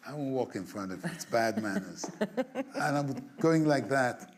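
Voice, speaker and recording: A man, a songwriter being interviewed, telling an anecdote in an animated way, acting out the scenes, humming bits of tunes and chuckling along. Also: mid-range voice, unhurried, a little hiss or hum. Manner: animated storyteller who acts out scenes and hums tunes; chuckles through his stories. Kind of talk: storytelling anecdote.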